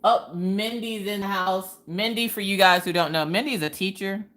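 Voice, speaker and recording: A woman hosting a casual crafting livestream, telling stories in an animated, slangy way and talking straight to her chat. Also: medium pitch, moderate pace. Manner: animated storytelling, quotes people in different voices. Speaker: livestream host.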